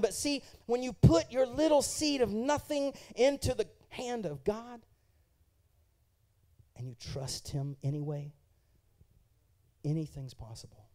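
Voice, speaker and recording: A very high, expressive male voice, a little slow, with long pauses. Preaching as pastor in a church, he moves from quiet personal testimony to loud, fervent preaching while questioning the congregation.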